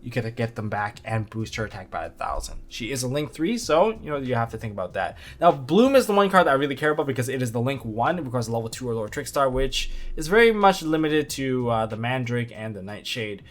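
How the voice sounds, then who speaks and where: A man hosting a video, giving casual analysis commentary on a card game with animated, up-and-down delivery and dry sarcastic asides. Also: fast, few pauses. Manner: animated, jumping between excited highs and low asides.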